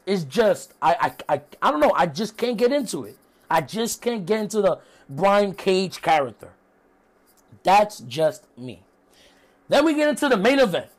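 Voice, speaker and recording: A young man with a fairly high voice talks through a wrestling recap in a casual solo podcast. He is sarcastic and dismissive, often trailing off into flat, low mutters. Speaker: podcast host reviewing wrestling.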